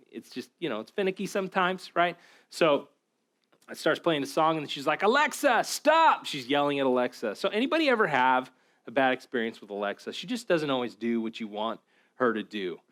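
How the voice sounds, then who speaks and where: A pastor giving a relaxed, conversational sermon, talking casually with lots of fillers and repeated words. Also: male voice, a little high. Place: church.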